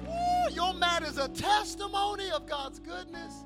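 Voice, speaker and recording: A male pastor preaching a sermon in a church service, dropping to hushed storytelling and then building to shouted calls for the congregation to answer back. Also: very high voice, moderate pace, music in the background, a crowd in the background. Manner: call-and-response with the congregation.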